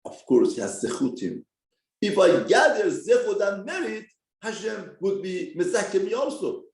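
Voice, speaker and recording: A man's voice: high-pitched, moderate pace, vocal fry. A man with a Persian accent, a native Persian speaker, giving a short ethics lesson and acting out the quotes he tells. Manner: animated, acts out quotes, mixes Hebrew terms into English. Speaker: rabbi teaching a class. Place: study hall. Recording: echoey room.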